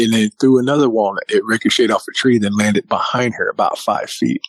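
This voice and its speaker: A man telling a personal story as a guest, lively and acting out what people said. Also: on the low side, fairly quick, hardly any pauses, dry recording, low-quality recording. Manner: animated storyteller who acts out quotes. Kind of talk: casual storytelling.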